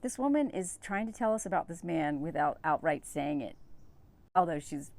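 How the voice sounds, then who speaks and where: A woman reads an article aloud and reacts to it in a sarcastic, exasperated tone. Her voice is lively and swings up and down in pitch as she talks casually and directly to her viewers. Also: normal speed, creaky. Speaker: commentator.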